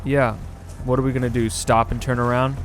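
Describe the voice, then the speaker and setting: A man's voice: mid-range voice, little pitch movement, fairly quick, faint music behind. A man giving casual, sarcastic running commentary while playing a video game, often exasperated. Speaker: gaming video host. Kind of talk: casual let's-play commentary.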